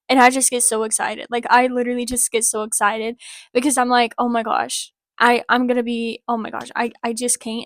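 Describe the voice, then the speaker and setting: A woman's voice: a little high, no echo, studio quality. Earnest, rambling young-sounding woman vlogger. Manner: earnest and encouraging, rambling with many "like" fillers. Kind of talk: casual personal update to camera.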